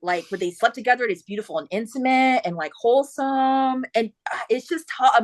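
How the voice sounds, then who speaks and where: Animated high-pitched woman, dry close sound. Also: a little fast, few pauses, no echo. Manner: animated retelling with many voices, laughing often. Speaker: podcast host. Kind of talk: casual chat.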